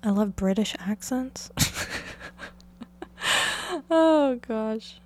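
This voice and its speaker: A woman's voice: a little high, animated, extremely slow, warm tone. A young woman from Oregon hosting her own podcast in a casual solo chat. She rambles in a chatty way, leaning on "like" with bits of light laughter. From Oregon, United States. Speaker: podcast host.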